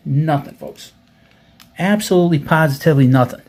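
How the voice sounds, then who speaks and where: A man's voice: a little high, moderate pace, pauses often, warm tone. A man hosting casual commentary, reading out comments with blunt, profane sarcasm and rambling asides. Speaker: commentary host.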